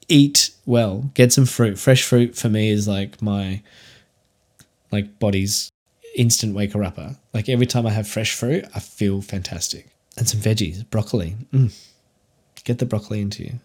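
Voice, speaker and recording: A man's voice: fairly low pitch, warm tone. A young Australian man hosting a solo podcast, talking candidly in a rambling way with many fillers and restarts. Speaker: podcast host.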